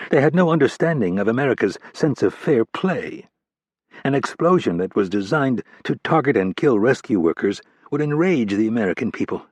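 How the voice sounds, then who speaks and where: Husky low-voiced man narrating. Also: no echo. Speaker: audiobook narrator. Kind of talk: scripted audiobook narration.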